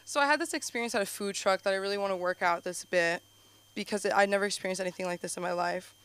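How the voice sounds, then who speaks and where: A young adult woman doing an open-mic stand-up set on a comedy club stage. She tells stories in a rambling, animated way, full of "like", and jumps her voice up for punchlines. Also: medium pitch, quick pace, smooth. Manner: rambling, filler-heavy storytelling with frequent "like".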